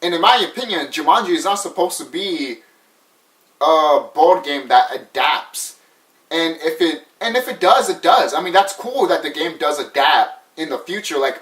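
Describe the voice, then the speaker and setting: A man's voice: fairly high pitch, lively intonation, normal speed, a bit bright, reverberant, far from the mic, poor audio. A young man giving a casual, rambling movie review, swearing freely and restarting his sentences. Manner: rambling, profane, full of fillers and restarts.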